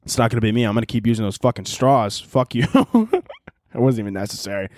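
A man's voice: medium pitch, lively intonation, quick pace, a little mellow, dry recording. Rambling, foul-mouthed man in a dry booth. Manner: rambling, profane, self-interrupting. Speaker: podcast host. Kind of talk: casual comedic monologue.

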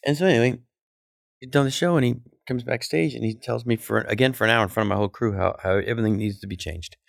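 A man, a guest comedian, telling a story in a podcast interview, animated and acting out the voices of people he quotes. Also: mid-range voice, quick pace, vocal fry, no echo, clean studio sound.

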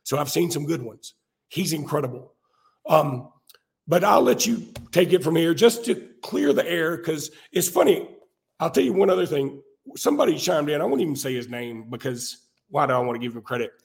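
Hoarse, gravelly man. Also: a little high, normal speed. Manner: animated, laughs at himself. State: hoarse from illness. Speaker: podcast co-host. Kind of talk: casual sports talk.

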